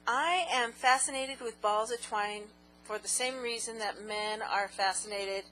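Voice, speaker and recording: Bright, slightly high woman vlogger; giggly, rambling and self-mocking. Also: unhurried, a little hiss or hum, rough recording. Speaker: vlogger answering viewer questions. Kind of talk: casual chat.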